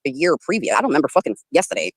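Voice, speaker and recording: A woman's voice: sits low, rapid-fire, husky, no echo, clean studio sound. A woman in a heated casual chat, indignant and swearing. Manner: animated, profane, indignant.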